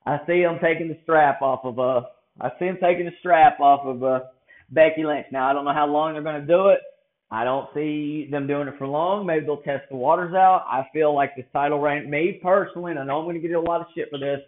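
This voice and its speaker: Guy ranting about wrestling, kinda high voice, sounds like a cheap phone mic. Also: steady tone, a little fast. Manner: rambling, blunt, restarts sentences often. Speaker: wrestling commentator giving predictions. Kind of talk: casual opinion monologue. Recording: tinny phone-like audio.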